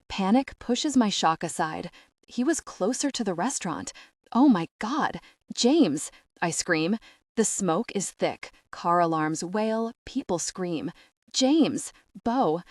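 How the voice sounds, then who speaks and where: A woman narrates a first-person audiobook with a lowish voice. Her reading is tense and urgent and climbs at the shouted lines. The sound is dry and close. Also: no echo.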